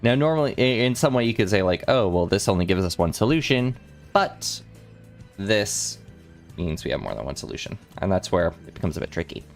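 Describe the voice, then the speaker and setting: A young man on a casual study livestream, working through math problems out loud, rambling and correcting himself as he talks to chat. His voice is still a little rough from the morning. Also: sits low, sing-song, a little fast, soft background music. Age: young adult. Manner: rambling, self-correcting, chatty with chat readers. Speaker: vtuber math streamer.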